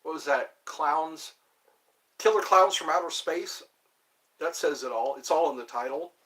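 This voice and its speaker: Speaking a little slowly, this channel host has a slightly high, somewhat bright voice. He drifts between subjects in his solo vlog, chuckling at himself and now and then singing a bit.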